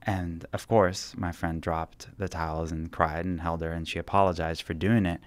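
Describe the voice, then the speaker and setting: Author guest, male, deep and calm, reflective storytelling, dry sound. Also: normal speed, dry recording. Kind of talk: radio interview, reflective storytelling.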